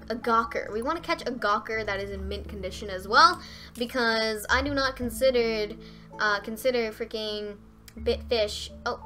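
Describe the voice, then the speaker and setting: Young woman gaming streamer, bright voice, kinda high, chatty w her viewers, gets squealy when hyped, a little music under it. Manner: excitable, squeals and shouts when thrilled; chatty, talks straight to viewers. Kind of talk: live-streamed game commentary.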